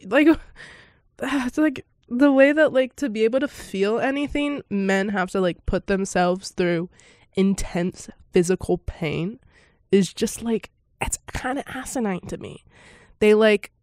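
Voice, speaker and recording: A woman's voice: medium pitch, a little slow, darkish tone, no room sound, clean studio sound. Chatty, rambling woman reacting to a film. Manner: rambling, filler-heavy, laughs often. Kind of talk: casual first-reaction commentary.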